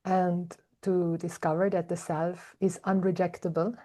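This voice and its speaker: A woman giving a reflective spiritual talk, speaking slowly and thoughtfully with soft hums and fillers. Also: fairly low pitch, level tone. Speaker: spiritual teacher, podcast host.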